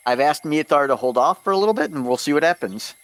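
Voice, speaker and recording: A man's voice: fairly high pitch, expressive, fast. A man playing a tabletop game, describing his character's actions in first person in casual chat. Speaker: player.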